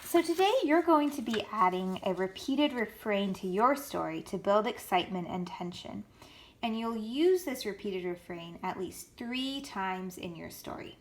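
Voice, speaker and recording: A woman's voice: mid-range voice, lively intonation, unhurried, a little hiss or hum. A woman teacher giving a recorded writing lesson to children, explaining step by step in an encouraging way.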